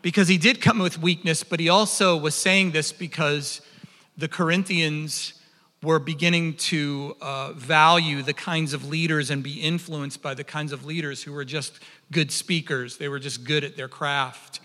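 A man preaching a sermon, impassioned and animated, often repeating words as he builds up. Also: on the high side, a little slow, big-room sound.

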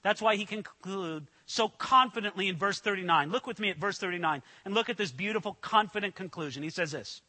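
A man delivers an earnest sermon in a high, bright, forceful voice. He leans hard on scripture quotes, slowing to stress each word. His voice carries a long reverb through a large hall. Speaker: pastor. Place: church hall with an audience.

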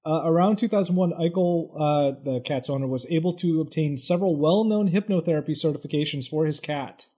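A man's voice: a little high, a little fast, dark tone. A man co-hosting a casual podcast, riffing on jokes with wry, rambling asides. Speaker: podcast co-host, quiz contestant. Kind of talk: casual comedic chat.

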